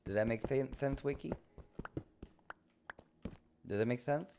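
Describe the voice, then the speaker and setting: A man streaming a game live, chatting and ranting playfully with mock indignation and sudden excited outbursts. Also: measured pace, vocal fry, noisy background. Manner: jumps to high excited outbursts. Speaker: livestreamer. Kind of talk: live gameplay commentary.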